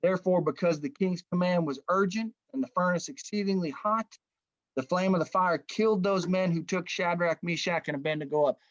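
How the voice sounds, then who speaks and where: Middle-aged man, casual Bible study leader, folksy, slightly high voice, dry close sound. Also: brisk, dry recording, dull audio. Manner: folksy, keeps saying "man" and "right?".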